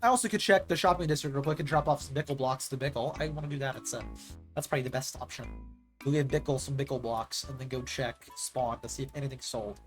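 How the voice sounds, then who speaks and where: A man's voice: medium pitch, fast talker, faint music behind. A young man streaming a game, chatting casually and rambling, often saying "like" and ranting when annoyed. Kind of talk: casual live-stream chat while gaming.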